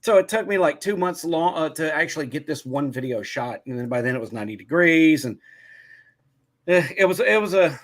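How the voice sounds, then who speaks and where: A man, an indie author, talking in casual chat on a podcast, halting and full of fillers. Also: on the high side, lively intonation. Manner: halting, lots of fillers and restarts.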